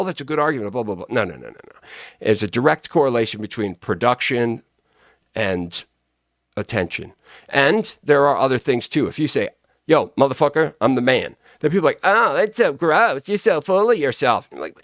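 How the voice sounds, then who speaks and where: A man's voice: medium pitch, dry recording. Male vlogger, combative cursing rant, medium voice, dry recording. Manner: profane, combative, repetitive. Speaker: political commentator. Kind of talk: angry political rant.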